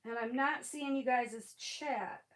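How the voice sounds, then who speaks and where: A woman's voice: high voice, slow, fairly bright tone. A middle-aged woman hosting a crafting livestream, chatting and rambling through a story with casual swearing.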